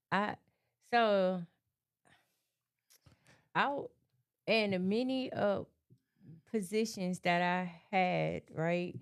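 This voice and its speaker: A woman on a talk panel, speaking haltingly and repeating herself as she thinks it through. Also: fairly low pitch, smooth. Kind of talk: casual chat.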